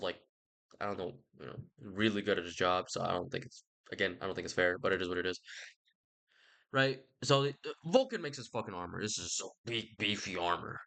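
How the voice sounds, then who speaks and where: Young male host, casual slangy rambler, bright tone, lively pitch. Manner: rambling, animated, slangy, profane. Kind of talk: casual rambling book chat.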